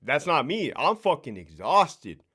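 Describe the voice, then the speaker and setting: A man's voice: a little high, very animated, a little slow, pushed and bright, breathy edge. Blunt, profane ex-sergeant man ranting. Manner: repeats words, restarts. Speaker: former prison sergeant. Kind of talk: casual ranting vlog.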